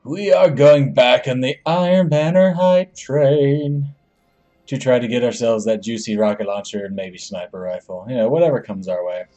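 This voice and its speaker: A man hosting a gaming channel, giving jokey, rambling commentary and letting out excitable yelps as he plays. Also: medium pitch, moderate pace, dull audio, soft background music. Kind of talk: gameplay commentary.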